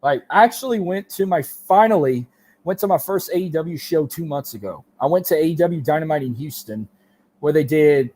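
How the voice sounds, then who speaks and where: Man, fairly high voice, animated casual storyteller, podcast guest. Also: normal speed. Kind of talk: casual chat.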